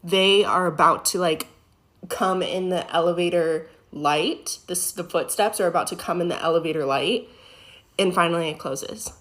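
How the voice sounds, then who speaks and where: A woman's voice: fairly low pitch, moderate pace, fairly bright tone. A young woman casually telling a spooky story from her work as an EMT, full of fillers and nervous laughs.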